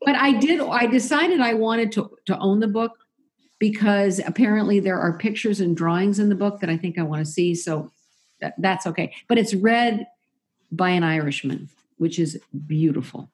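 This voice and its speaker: A woman with a mid-range voice speaks at a moderate pace as an interview guest. She's chatty and opinionated in this casual conversation, frequently restarting and correcting herself.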